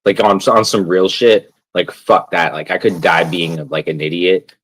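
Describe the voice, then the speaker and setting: Over poor audio, a deep, slightly rough, somewhat bright voice with fairly even intonation comes from a man streaming a game at a moderate pace. He goes on a casual, rambling rant, cursing constantly and filling gaps with "like".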